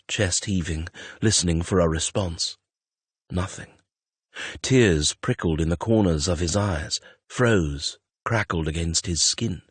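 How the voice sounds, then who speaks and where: A man's voice: low-pitched, breathy edge, no room sound. A man reading a romance audiobook in a tense, dramatic narration on a close studio mic. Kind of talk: scripted narration.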